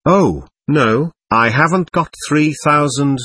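A fluttery, gushing society lady, as a male narrator puts her on, airily sweet and condescending, her voice rising and falling in lively swoops. The tone is slightly husky and sits close and dry, with no room around it. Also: on the high side, slow pace, dry recording, heavily acted. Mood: airily dismissive. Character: gushing, flighty society lady, middle-aged.

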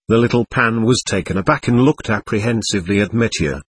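A man narrating a novel in a steady, expressive audiobook reading. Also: fairly low pitch, fairly quick, hardly any pauses, breathy edge, dry recording. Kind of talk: scripted narration.

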